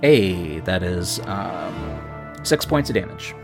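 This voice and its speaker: Low-voiced male tabletop player. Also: lively intonation, slow, vocal fry, music in the background. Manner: casual with hesitant fillers. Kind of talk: tabletop game play.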